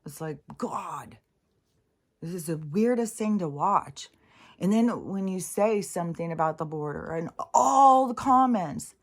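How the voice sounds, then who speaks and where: A woman's voice: mid-range voice, expressive, moderate pace, slightly rough. A woman vlogger in an exasperated, profane ranting monologue, swearing often and mocking other people's voices.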